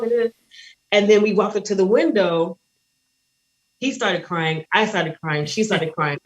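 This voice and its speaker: Tearful woman caller on a dull line. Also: medium pitch. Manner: halting, with many restarts and hesitations. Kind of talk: emotional personal story.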